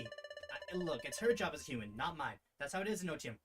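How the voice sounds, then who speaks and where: Brief: young-sounding male streamer, quick casual reading, bright tone, faint background music. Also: a little high, big pitch swings. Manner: offhand asides while reading. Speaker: streamer reading a visual novel.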